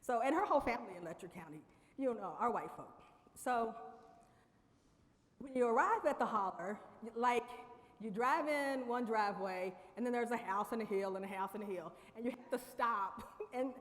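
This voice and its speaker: A woman speaks to a convocation crowd in a relaxed, storytelling way, often laughing and asking the listeners questions. Her voice sits a little high for a woman, and it rings out with the long reverb of a large chapel. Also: normal speed. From Lexington, Kentucky. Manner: conversational, laughs often, addresses audience directly. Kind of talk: storytelling speech.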